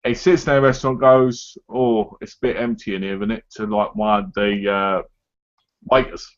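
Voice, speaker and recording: A man's voice: lowish voice, flat delivery, normal speed. Chatty man hosting a live chat, lo-fi. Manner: chatty, acts out other people's lines as he talks. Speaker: live stream host. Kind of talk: casual chat. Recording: dull lo-fi stream audio.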